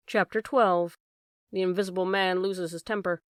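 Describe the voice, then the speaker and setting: A woman narrating an audiobook of a classic novel in a measured, even reading. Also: lowish voice, clean tone, no echo, studio quality. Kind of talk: scripted narration.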